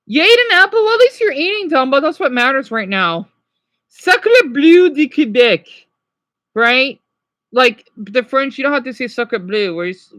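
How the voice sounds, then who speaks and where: A man's voice: sits high, pushed and bright, no room sound, clean studio sound. A man casually teaching French words on a livestream, rambling and correcting himself while answering chat.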